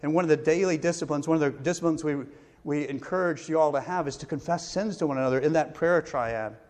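A middle-aged pastor with a slightly high, darkish voice preaches a sermon and tells a personal story, pausing and letting out self-deprecating laughs.

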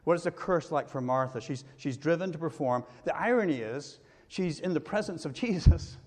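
A man's voice: a little high, animated, moderate pace, darkish tone. A male pastor preaching a sermon in a conversational way, now and then acting out the people in the story. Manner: conversational preaching with acted-out quotes. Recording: long hall reverb.

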